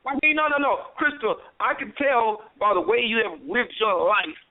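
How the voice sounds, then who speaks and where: A man's voice: high-pitched, lively intonation, normal speed. Rambling boastful man on a phone line. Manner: rambling, boastful, stammering restarts. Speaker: comedian guest. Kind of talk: casual phone-in interview. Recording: tinny phone line on radio.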